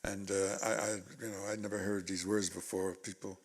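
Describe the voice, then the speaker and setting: A man in his eighties, a guest speaker telling stories from his life to a panel audience in an animated way. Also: low-pitched, normal speed. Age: 80s. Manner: animated storyteller, voices quotes loudly. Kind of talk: storytelling in a panel talk.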